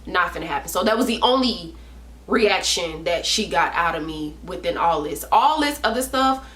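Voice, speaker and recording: A woman's voice: fairly low pitch, expressive, moderate pace, fairly bright tone. Woman, vlogger, casual storytime, emphatic, slangy, repeats for stress, roomy echo.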